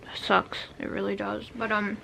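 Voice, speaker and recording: A woman's voice: medium pitch, little pitch movement, moderate pace, creaky, fairly bright tone, a little hiss or hum. A young adult woman rambling casually through a storytime vlog, restarting sentences and saying "like" a lot. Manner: rambling, heavy use of "like", frequent restarts. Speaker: vlogger.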